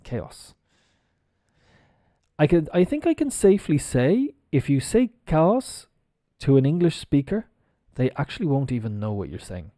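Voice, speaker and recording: A man's voice: fairly high pitch, sing-song, a little fast, few pauses, warm tone, dry recording, clean studio sound. A middle-aged Irish man teaching English pronunciation on a live stream, explaining patiently and spelling words out letter by letter. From Ireland.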